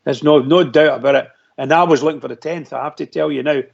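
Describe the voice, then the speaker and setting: A man's voice: on the high side, steady tone, fast talker, creaky, husky. A man calling in to a radio phone-in, talking in a rambling, emphatic way. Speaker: caller. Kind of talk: casual phone-in chat. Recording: muffled lo-fi phone-in audio.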